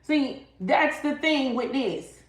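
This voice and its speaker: A woman's voice: sits high, lively intonation, slow, reverberant. A woman giving a live-stream tarot reading, talking emphatically and dramatically straight to her viewers. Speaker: tarot reader.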